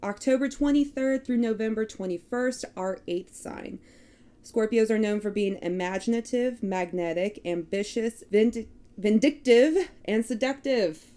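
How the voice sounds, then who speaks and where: A woman's voice: fairly high pitch, unhurried. Texan woman reading zodiac traits. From Texas. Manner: reads list of traits in a steady cadence, laughs at herself. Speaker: podcast co-host. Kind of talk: casual chat.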